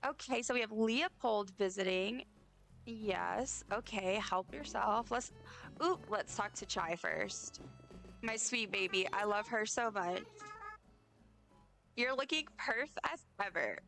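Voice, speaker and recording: A woman streamer with a hoarse, partly lost voice, chatting casually and rambling to her chat while she plays. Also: mid-range voice, slow pace, a bit bright, faint music behind.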